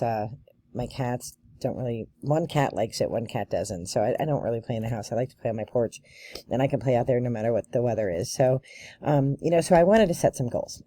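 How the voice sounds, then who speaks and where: Brief: woman vlogger, relaxed storyteller, warm low-key tone, dry close sound. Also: no echo. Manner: chatty storyteller, laughs often, many fillers. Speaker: bagpiper and vlogger. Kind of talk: casual chat.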